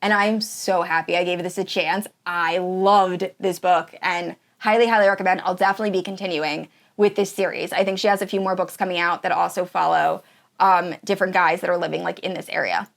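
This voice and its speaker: A woman's voice: on the low side, steady tone, fairly quick, creaky. Gushing woman reviewing books. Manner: gushing and enthusiastic, with many fillers. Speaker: book reviewer. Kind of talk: casual tier-ranking chat.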